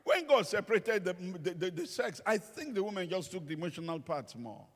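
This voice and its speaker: Man, pastor, humorous sermon, acted-out stories, fairly high voice, long hall reverb. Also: fairly quick. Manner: animated storytelling, acts out quoted voices. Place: church hall.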